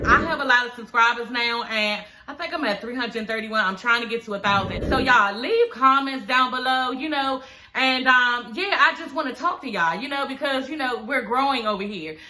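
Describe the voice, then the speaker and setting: A woman recapping a reality show for her viewers in a casual, animated, profane way, talking with dental aligners in. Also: on the high side, normal speed, background noise. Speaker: YouTube reality TV reviewer.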